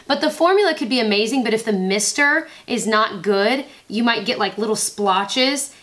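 A woman's voice: a little high, normal speed, fairly bright tone. A woman in her twenties chatting in a beauty vlog, bubbly and rambling, often interrupting herself with asides. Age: 20s. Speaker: beauty vlogger. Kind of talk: chatty makeup review vlog.

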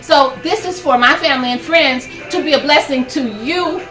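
A woman's voice: high-pitched, moderate pace, bright, forceful tone, echoey room, recorded from a distance, soft background music. An older woman hosting a gospel program from her home, giving a fervent, preachy devotional talk to camera and laughing often.

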